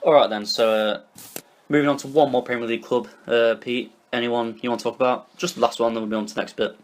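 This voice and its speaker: A man's voice: mid-range voice, fairly even intonation. A young British man hosting a podcast, giving opinions and asking questions in casual football chat. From Britain. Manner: opinionated, quick, asks questions. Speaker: podcast host.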